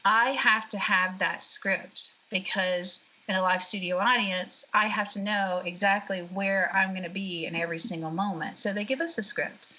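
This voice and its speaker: Bright-voiced chatty woman. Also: mid-range voice, moderate pace, few pauses. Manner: chatty, animated storyteller who laughs often. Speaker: guest, background actor. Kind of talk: casual interview chat. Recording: dull lo-fi sound.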